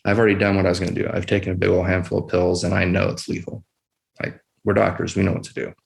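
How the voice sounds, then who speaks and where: Low, gravelly-voiced middle-aged man. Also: monotone. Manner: quiet, measured retelling with many pauses. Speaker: emergency physician guest. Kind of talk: personal story in a podcast interview.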